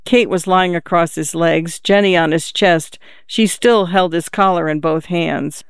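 An audiobook narrator reading a literary novel in a measured, even storytelling manner. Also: medium pitch, clean tone, dry recording, studio quality.

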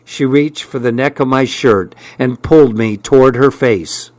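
A man narrating a first-person story as an audiobook, with measured storytelling. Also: medium pitch, a little mellow, no echo.

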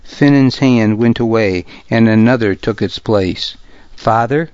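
A man reading a story aloud in the first person, steady and measured. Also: lowish voice, clear, resonant tone, no echo. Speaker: audiobook narrator. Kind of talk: scripted first-person narration. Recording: dull, muffled close recording.

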